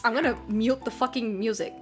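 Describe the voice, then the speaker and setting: A woman's voice: on the high side, fairly even intonation, fairly quick. A woman streamer chatting casually while she cooks, giggling often and gushing and swearing freely. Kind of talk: casual livestream chat while cooking. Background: background music.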